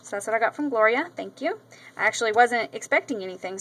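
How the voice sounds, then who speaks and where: A woman with a slightly high, lively voice talks fast with a fairly bright, breathy tone, and the audio is poor. An adult with a daughter, she chats in a casual show-and-tell vlog about craft mail she received, gushing often and filling her speech with ums and repeats, all on a camera mic.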